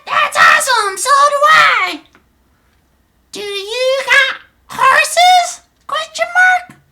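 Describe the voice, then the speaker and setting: A man doing a squeaky teenage girl. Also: sharp tone, heavily acted. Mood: bubbly. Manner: shrill, squealing, drawn-out.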